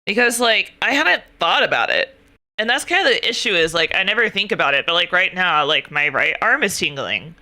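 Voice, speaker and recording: Young woman streamer venting, super bright voice, swears a lot, chatty. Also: fairly low pitch, a little fast. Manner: animated, swearing, exasperated ranting. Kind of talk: casual chat.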